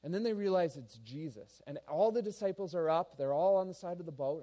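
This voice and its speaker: Mellow-voiced man preaching conversationally. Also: on the high side, fairly quick, hardly any pauses. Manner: conversational, animated storytelling. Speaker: pastor. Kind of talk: sermon.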